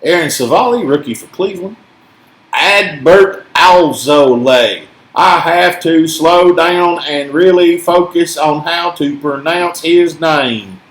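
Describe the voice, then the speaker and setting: A chatty man from Tennessee with a mild Southern accent and a fairly high voice, calling out cards and cracking jokes as he hosts a break. He is recorded in an echoey room. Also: unhurried, hardly any pauses. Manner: chatty, jokey, calls out each card. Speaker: host of a card break. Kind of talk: casual live card-break chat.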